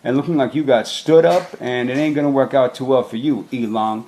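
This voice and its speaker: A man's voice: medium pitch, fairly quick, gravelly, few pauses, darkish tone, slight background noise. A man improvising a rambling, slangy comedic rant as host, mock-interviewing someone.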